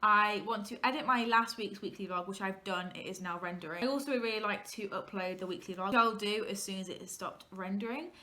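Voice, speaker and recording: A woman's voice: mid-range voice, brisk, few pauses, bright, forceful tone. A young woman in her late teens from England, chatting to camera in a rambling way, a little out of breath, from her home kitchen. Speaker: vlogger. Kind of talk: casual chat.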